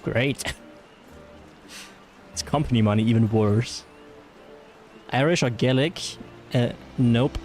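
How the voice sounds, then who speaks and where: Man, German accent, game livestream chat, slightly high voice, rambling, faint background music. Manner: chatty, rambling with fillers and restarts, reads chat aloud. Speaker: streamer. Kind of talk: casual gameplay livestream chat.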